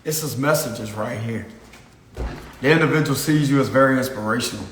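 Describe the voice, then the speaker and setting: A man's voice: medium pitch, fairly quick, reverberant, a little hiss or hum. A man giving a casual spiritual reading, rambling and slangy and laughing often. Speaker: spiritual card reader.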